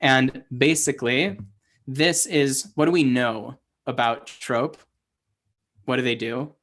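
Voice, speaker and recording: A man's voice: mid-range voice, steady tone, fairly bright tone. Man teaching with frequent "right?". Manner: casual, halting explanation with many restarts and "right?" checks. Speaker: Hebrew teacher. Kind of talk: online class lecture. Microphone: livestream.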